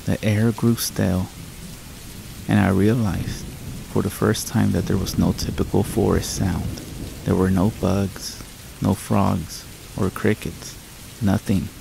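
Gravelly low-voiced man narrating horror. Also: a little hiss or hum, poor audio. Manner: calm, measured storytelling. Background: rain sounds.

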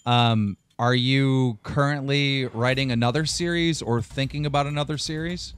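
A man's voice: medium pitch, steady tone, moderate pace, a bit bright, clear, resonant tone. A man interviewing a guest, asking long, chatty questions full of "like" and "you know". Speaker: interviewer, host.

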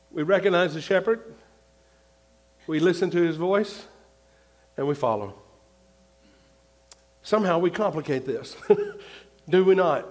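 A male pastor preaching a sermon, repeating his points and swinging between loud and hushed. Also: fairly high pitch.

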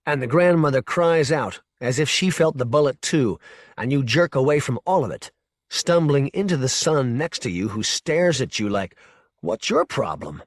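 A man narrating a short story for an audiobook in a measured, intense second-person voice. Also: mid-range voice, expressive, dry recording, clean studio sound. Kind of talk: scripted narration.

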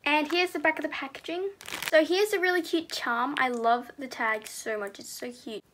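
A teenage girl reviewing squishy toys in a casual, gushing way, sometimes dropping to a soft murmur. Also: high voice, fairly even intonation, normal speed, noisy background. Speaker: squishy haul vlogger.

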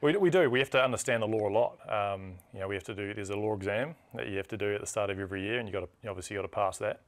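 In a casual studio chat, a rugby referee with a New Zealand accent speaks as a guest in a fairly low voice. He's quick and animated, restarting frequently.

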